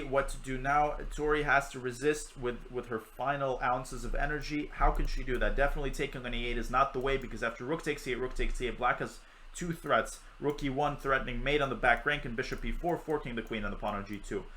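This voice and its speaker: Young male chess streamer, bright, chatty, jokes with chat between moves. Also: mid-range voice, fairly quick, slight background noise, rough recording. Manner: chatty, jokey, answers chat while teaching. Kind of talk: live chess commentary on a stream.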